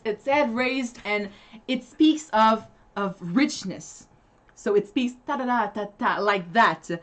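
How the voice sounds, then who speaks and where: A woman's voice: fairly high pitch, fairly bright tone. A woman from Quebec with a Quebec French accent, a native French speaker, chatting casually on a live stream. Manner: chatty, laughs often, restarts sentences. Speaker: co-host.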